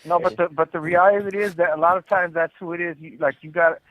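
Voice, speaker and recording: A man's voice: fairly high pitch, steady tone, quick pace, no room sound. A man calling in from prison, talking frankly in casual chat and cussing freely. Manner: frank and streetwise, cusses freely. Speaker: incarcerated caller. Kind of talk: casual chat over a prison phone call. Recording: tinny prison phone line.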